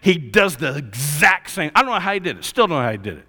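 A man preaching a sermon, telling stories in an animated, casual way. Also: fairly high pitch, fast. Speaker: pastor. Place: church hall. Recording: reverberant church hall.

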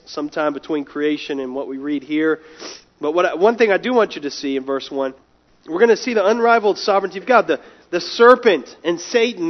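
High-voiced pastor preaching, lo-fi sound. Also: male voice. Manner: earnest, emphatic, with frequent repeated words and restarts. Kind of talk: sermon. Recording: dull lo-fi sound.

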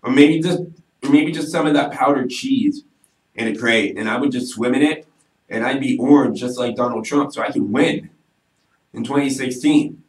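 A man speaking as a podcast guest, candid and joking and quick to mock himself. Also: medium pitch. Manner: candid, joking, self-mocking. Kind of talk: casual podcast chat. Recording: roomy, mic at a distance.

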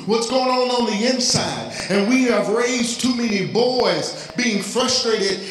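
A man's voice: very high voice, slow pace, fairly bright tone. A man preaching a sermon as pastor, speaking of fatherhood and lifting his voice into pleading prayer. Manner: preaching, rising to cries in prayer. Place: church sanctuary. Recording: very echoey church hall, faint noise.

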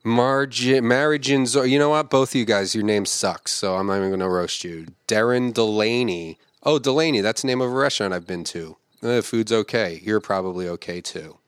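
Crude mocking man with a low, dry voice. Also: clean tone, no room sound. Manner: crude, mocking, profane insults; reads names slowly, then fires off jokes fast. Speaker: podcast host. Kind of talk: comedic roast of film credits.

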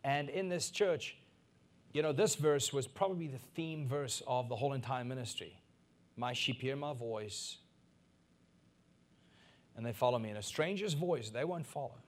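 A middle-aged man from Africa preaching a sermon as pastor, swinging between soft asides and loud, emphatic peaks. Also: mid-range voice, normal speed, long pauses.

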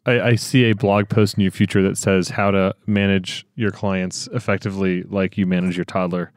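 Low-voiced podcast host, dry sound. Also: male voice, level tone, normal speed, no room sound. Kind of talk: casual podcast conversation.

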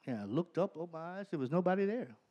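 High, lively man telling his testimony. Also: fast talker, lo-fi sound. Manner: animated, grows excited, often laughs mid-sentence. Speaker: speaker giving a personal testimony. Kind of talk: storytelling testimony to an audience.

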